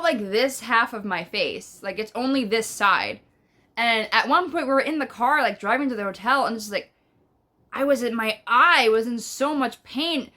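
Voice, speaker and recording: Speaking in a bright, pushed voice on the high side, a young vlogger rambles through a storytime at home. Casual cursing and constant "like" and "bruh" run through her telling.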